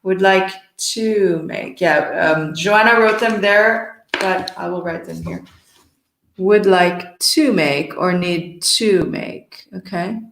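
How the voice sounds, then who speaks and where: A woman teaching an English lesson, explaining slowly and clearly with a playful touch. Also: on the low side, a bit bright, roomy sound. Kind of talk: online class teaching.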